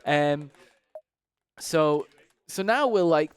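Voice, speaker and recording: A man's voice: on the high side, takes it slowly, clear, resonant tone. A man from the United Kingdom giving casual live commentary on his own speedrun, explaining the game as he plays and using a lot of fillers.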